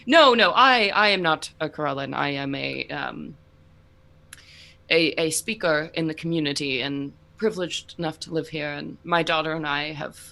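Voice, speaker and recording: A woman's voice: sits low, normal speed, creaky, bright, forceful tone, heavily acted. A woman voicing a polite, welcoming middle-aged hostess who speaks hesitantly. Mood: gracious.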